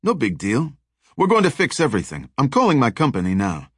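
A man's voice: mid-range voice, huge pitch swings, fairly quick, fairly bright tone, slightly rough, dry recording, clean studio sound, voice pushed up, heavily acted. A man doing a breezy bluffing con man. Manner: breezy, falsely reassuring.

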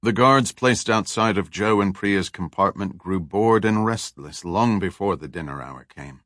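Man, audiobook narrator, low voice, dry close recording. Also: unhurried, a bit bright, no room sound. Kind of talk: scripted thriller narration.

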